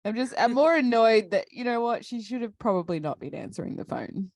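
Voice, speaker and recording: A woman's voice: a little high, expressive, brisk, darkish tone, no room sound. An Australian woman co-hosting a casual podcast, ranting through a story and acting out both sides of the conversations in it. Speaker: podcast co-host. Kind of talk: casual chat.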